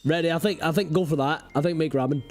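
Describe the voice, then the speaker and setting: A man's voice: fairly high pitch, fast talker, darkish tone, soft background music. A man streaming a game live, chatting playfully with viewers and drifting into silly voices. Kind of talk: casual live-stream chat. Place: home streaming setup in rural Scotland.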